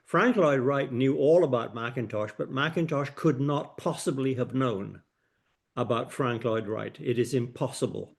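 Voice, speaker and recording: A man's voice: mid-range voice, moderate pace, gravelly. A man taking part in a forum Q&A, speaking firmly and emphatically to correct a point. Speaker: forum participant, architecture expert. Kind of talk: Q&A discussion.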